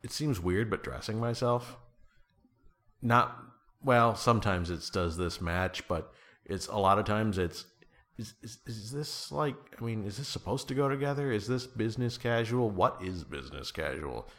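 A man with a low, bright, forceful voice chatting casually. He gives playful answers in a deadpan way. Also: normal speed. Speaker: guest. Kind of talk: casual chat.

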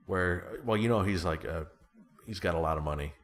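In a low voice and at a brisk pace, a thirtysomething podcast co-host rambles through casual conversation, joking and poking fun at himself.

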